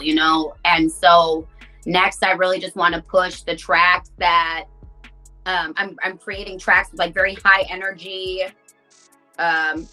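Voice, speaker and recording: A woman's voice: lowish voice, bright, forceful tone. A woman rapper, telling stories candidly in a casual interview, swearing often and saying "like" a lot. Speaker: rapper guest.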